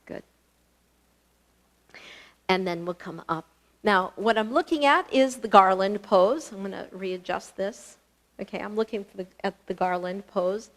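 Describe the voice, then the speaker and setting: A woman with a mid-range, animated voice and a measured pace instructs a live online yoga class at a fitness studio. She stays encouraging and chatty, laughing often while slightly winded.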